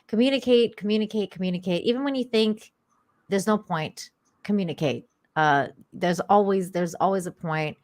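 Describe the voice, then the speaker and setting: A woman's voice: on the low side, expressive, measured pace, no room sound. A woman from Canada, a guest on a talk stream, chatting casually and rambling with many restarts. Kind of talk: casual chat.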